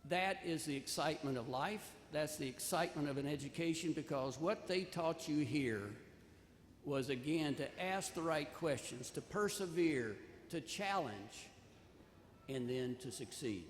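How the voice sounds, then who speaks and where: A man's voice: on the high side, expressive, measured pace, slight background noise. An older man giving a commencement speech, telling a folksy personal story and offering earnest advice. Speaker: commencement speaker. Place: large ceremony hall. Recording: echoey hall, long reverb, faint ambience.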